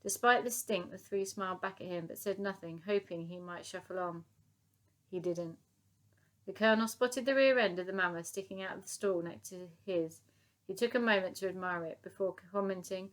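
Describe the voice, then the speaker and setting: A woman narrating a children's novel as an audiobook, telling it in a lively, expressive way. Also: mid-range voice, normal speed.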